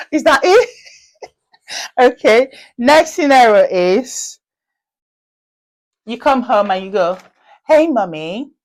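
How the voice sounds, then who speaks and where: Host, woman, lively swooping delivery, playful and chatty. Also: on the high side, slow pace, long pauses. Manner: animated, playful quizzing. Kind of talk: casual chat show.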